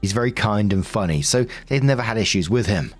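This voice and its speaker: A man narrating online relationship stories in an even reading voice. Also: lowish voice, brisk, husky. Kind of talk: scripted narration. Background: faint background music.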